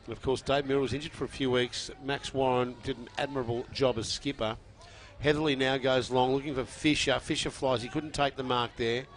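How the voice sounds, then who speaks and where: A man giving energetic play-by-play of a football match on radio, pushing louder on the big moments. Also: mid-range voice, a little fast. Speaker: co-commentator. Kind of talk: radio sports commentary.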